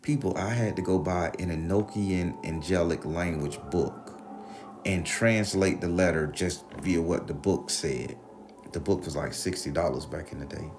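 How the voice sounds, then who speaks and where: A man with a low, gravelly voice, telling a rambling personal tale in a loose, profane, animated way. Faint music plays beneath his voice. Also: normal speed. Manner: animated, slangy, acts out the voices. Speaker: storyteller. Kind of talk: profane storytelling monologue.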